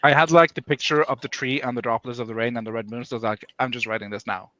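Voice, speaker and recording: A man chatting casually with a co-host on a stream and reading his own fiction aloud in an easygoing, steady way. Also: mid-range voice, quick pace, low-quality recording. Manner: easygoing, laughs often, reads prose steadily.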